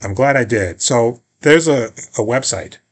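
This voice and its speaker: A man's voice: mid-range voice, measured pace. A man co-hosting a casual movie podcast, telling gossip and griping about a film in a loose, profane way. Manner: gossipy, profane, animated storytelling. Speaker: podcast co-host. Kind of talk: casual movie-review chat.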